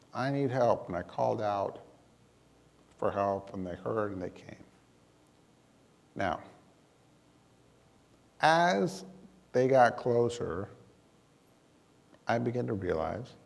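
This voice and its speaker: Man, speaker at a talk, humorous storytelling, gravelly voice, medium pitch, lively comic timing. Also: big-room sound. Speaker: emergency manager giving a talk. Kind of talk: humorous personal storytelling to an audience.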